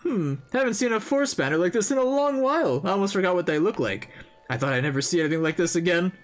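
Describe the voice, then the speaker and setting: A man reading aloud the lines of an elderly male echidna historian from a game, in a mild, wistful, sentimental manner and a lively, swooping voice. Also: sits high, quick pace, voice pushed up.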